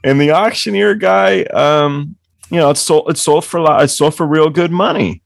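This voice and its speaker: A man's voice: a little high, moderate pace, gravelly, no echo, clean studio sound. A man telling rambling, profane stories as the author guest on a casual book club chat. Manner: rambling, profane, laughing storyteller.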